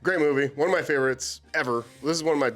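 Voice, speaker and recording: Animated man chatting about movies. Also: fairly high pitch, rapid-fire, music in the background. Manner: animated, swearing freely. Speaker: co-host. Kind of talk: casual movie chat.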